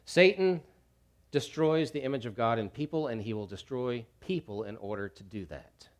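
A man preaching a sermon, swinging from hushed low lines to loud shouts, with jokey asides. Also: moderate pace. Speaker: pastor.

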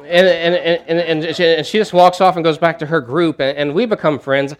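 Storytelling male pastor, slightly high voice. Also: steady tone, a little fast. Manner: conversational storytelling with frequent restarts. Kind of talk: sermon.

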